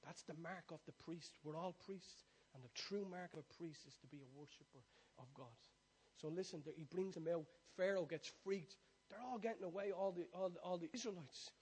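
A man preaching a sermon in an animated way, moving between quiet reflection and loud, rousing exhortation. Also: sits high, husky, poor audio.

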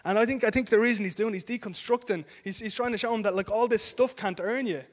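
High-voiced preacher, chatty. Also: male voice, quick pace. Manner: conversational preaching with frequent "yeah?" and restarts. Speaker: pastor. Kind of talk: sermon.

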